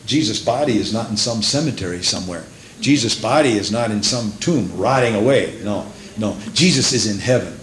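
A man preaching a sermon from the pulpit, moving between low, measured passages and high, fervent stretches, and reading scripture in old-fashioned English. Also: echoey room, a little hiss or hum. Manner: reads scripture in King James English. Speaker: pastor. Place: church sanctuary.

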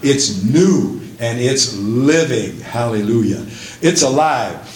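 A man preaching a sermon as a pastor, breaking often into praise and hallelujahs and building up to shouting at the climaxes. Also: mid-range voice, lively intonation, slow pace, echoey room, poor audio.

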